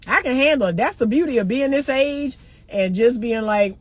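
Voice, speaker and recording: Blunt high-voiced woman coach, dry sound. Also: normal speed, no echo. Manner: blunt, animated, laughs often, addresses viewers as y'all. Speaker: relationship coach. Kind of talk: live-stream chat answering comments.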